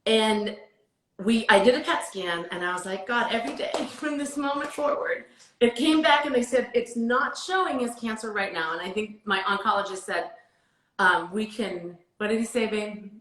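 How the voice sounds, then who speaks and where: A woman's voice: medium pitch, moderate pace, fairly bright tone, echoey room, poor audio. A woman guest telling a heartfelt, rambling story about her faith in casual chat. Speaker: guest singer. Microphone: video call.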